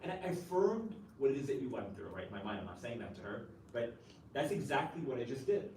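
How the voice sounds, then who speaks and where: A male chaplain speaks at a campus event, picked up from some distance in an echoing room. His voice sits at an ordinary middle pitch. He talks conversationally, dotting his answers with "right?" and "you know". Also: sing-song, fast, a little mellow. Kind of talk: answering an audience question at a campus talk. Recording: roomy, distant, faint noise.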